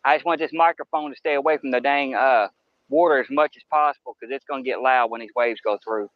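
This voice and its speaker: A man fishing at night on a riverbank next to the woods hosts a livestream, chatting casually and rambling in a folksy manner in a mid-range voice that runs a little fast. The camera-mounted mic near the water yields audio with no room sound and the highs cut off.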